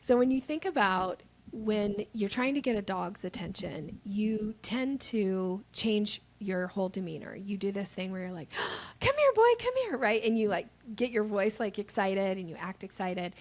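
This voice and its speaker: A woman guest on a podcast explaining sales techniques, lively and animated, acting out the voices of the people she quotes. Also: mid-range voice, measured pace.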